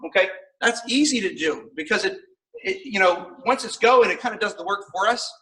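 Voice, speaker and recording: A man's voice: high voice, expressive, fairly quick, bright, forceful tone, distant mic, poor audio. A man teaching a martial arts class on video, upbeat and coaching as he counts out the kicks.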